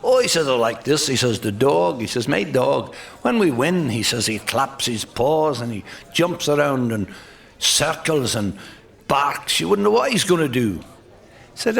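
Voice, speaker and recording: Gravelly Irish man telling jokes. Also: mid-range voice, big pitch swings, a bit bright. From Ireland. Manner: laughs at his own jokes; tells jokes with quick put-on voices for the characters. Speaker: stand-up comedian. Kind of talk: stand-up joke telling.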